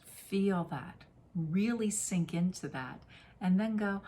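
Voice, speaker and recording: A woman's voice: mid-range voice, slow pace, mellow. A middle-aged woman giving a casual, effusive spoken oracle card reading, playful and given to sudden exclamations. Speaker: spiritual reader.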